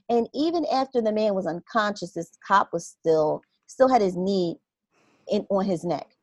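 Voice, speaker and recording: Woman, mid-pitched, earnest and animated storyteller, close dry recording. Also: moderate pace, dry recording. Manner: animated, acts out her own inner reactions; earnest and reflective. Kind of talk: casual conversational storytelling.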